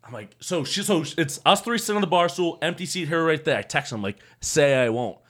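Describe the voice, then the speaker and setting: A man's voice: fairly high pitch, big pitch swings, quick pace, a bit bright. A young man telling a rambling story on a casual podcast with many restarts. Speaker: podcast co-host.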